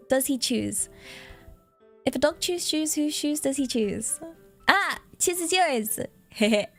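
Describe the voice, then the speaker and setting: A woman VTuber streamer chatting casually with her viewers, giggling often and thinking aloud with lots of fillers. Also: sits high. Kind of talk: casual livestream chat, reading donations.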